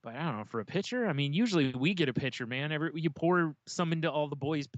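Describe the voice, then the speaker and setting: A man's voice: fairly high pitch, lively intonation, fast, no room sound, lo-fi sound. A man co-hosting a casual podcast, chatting in a laid-back, joking way and swearing now and then. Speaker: podcast co-host. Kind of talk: casual chat.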